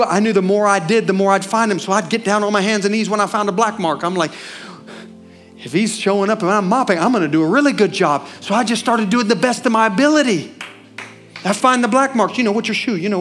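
Fervent male preacher, soft music behind. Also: high voice. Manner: storytelling, building to loud fervent peaks. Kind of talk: sermon.

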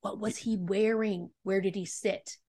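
A woman on a podcast asking question after question with eager curiosity, her voice at a medium pitch for a woman. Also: fairly even intonation, dark tone, breathy edge. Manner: curious, rapid-fire questions. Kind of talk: casual chat.

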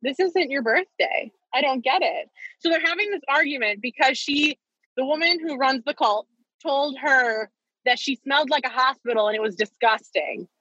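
A young woman co-hosting a podcast, telling stories in an animated, gushing way. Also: sits high, moderate pace, no echo, dull audio. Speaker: podcast co-host. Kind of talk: casual chat.

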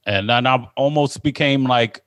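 Host type, man, relaxed and swears freely, mid-pitched voice, dry close sound. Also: moderate pace, no room sound. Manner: profane, laid-back storytelling. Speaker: podcast host. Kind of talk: casual chat.

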